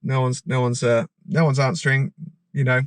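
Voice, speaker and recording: A man, a driving instructor, telling a story in a rambling, animated way with many restarts. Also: mid-range voice, normal speed, clean tone, dry recording. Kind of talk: casual storytelling vlog. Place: outdoors by a parked car.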